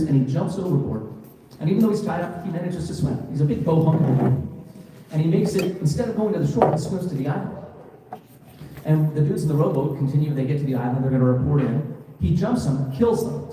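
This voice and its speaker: A man's voice: fairly high pitch, dark tone. A man doing stage banter between songs at a live music bar, telling a story in a rambling, jokey way full of slangy asides. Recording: roomy echoey venue from far off with live music.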